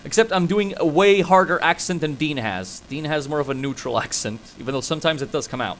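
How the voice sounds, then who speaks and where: A man commentating his live game stream, excitable and profane, breaking into loud yells. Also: fairly high pitch, brisk, few pauses, soft background music.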